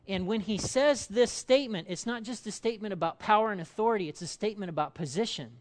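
A male pastor delivering a sermon in an animated way, acting out quotes and quizzing his congregation. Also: high voice, a little fast.

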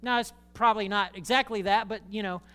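Conversational pastor preaching a sermon. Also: male voice, sits high, fairly quick, smooth. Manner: conversational, animated, jokey asides to the congregation.

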